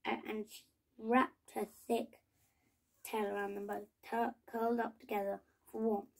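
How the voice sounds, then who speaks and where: A woman reading a children's picture book aloud in a slow, gentle way, with small restarts. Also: a little high, level tone. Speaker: storybook reader.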